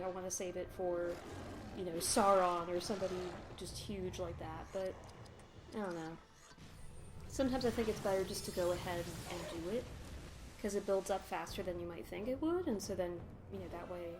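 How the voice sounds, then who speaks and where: A woman's voice: mid-range voice, a little fast, background noise. A woman giving casual, rambling, sarcastic commentary over a video game playthrough, laughing often. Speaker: let's play commentator.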